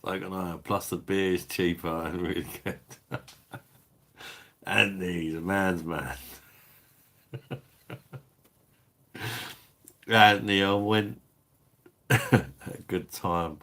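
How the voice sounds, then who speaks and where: A man's voice: low voice, steady tone, takes it slowly, pauses often, fairly bright tone. A man hosting a live beer-review stream, chatting casually and swearing as he reads viewers' messages. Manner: sweary, rambling, reads out chat.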